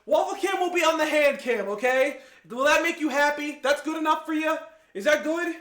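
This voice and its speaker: Young male streamer, high-pitched, chatty and excitable, echoey room sound. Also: normal speed. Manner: excitable, rambling, chatty with viewers. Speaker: livestream host. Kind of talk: casual live-stream chat. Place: home kitchen. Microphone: omnidirectional mic set in the room.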